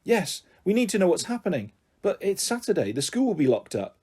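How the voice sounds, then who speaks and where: A man voicing a practical, blunt young girl in his own mellow voice. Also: high-pitched, very animated, fairly quick, breathy edge, pitched above the performer's own voice, exaggerated voice.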